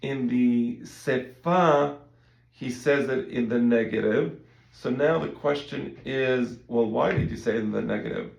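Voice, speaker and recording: Gravelly-voiced male rabbi teaching in an echoey room. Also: mid-range voice, unhurried. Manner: conversational, repeats words, quotes in animated voices. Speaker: rabbi teaching a Talmud class. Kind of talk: casual Talmud lesson.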